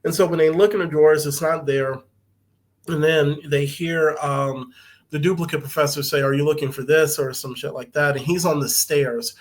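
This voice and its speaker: Man podcast host, slightly high voice, casual profane recap full of fillers. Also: fairly even intonation, normal speed. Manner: loose, profane, laughs often, many fillers.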